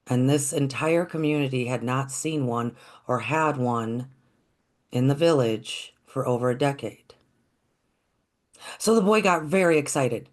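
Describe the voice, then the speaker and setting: Unhurried, gentle folktale storyteller. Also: medium pitch.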